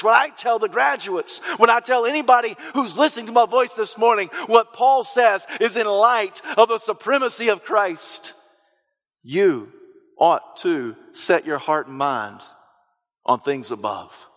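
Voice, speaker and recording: A male pastor delivers an emphatic, repetitive sermon in a fairly high voice, at times lifting into a sung preaching cadence. His words ring out through a church sanctuary with a long reverb tail. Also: animated, unhurried, a bit bright. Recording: long reverb in a large hall.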